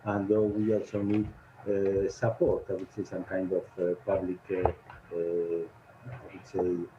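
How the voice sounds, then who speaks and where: A man whose first language is Spanish, an advisor on a video call, speaking haltingly and searching for words. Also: low voice, completely flat delivery, background noise. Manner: hesitant, searching for words with many fillers. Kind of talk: online panel discussion. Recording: muffled video call line.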